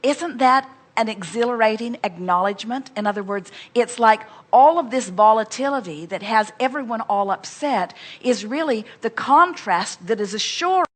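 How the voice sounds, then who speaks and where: A woman's voice: fairly high pitch, expressive, moderate pace, hardly any pauses. A woman at a live seminar who speaks for a collective "we" and answers audience questions with emphatic, rhetorical flourishes.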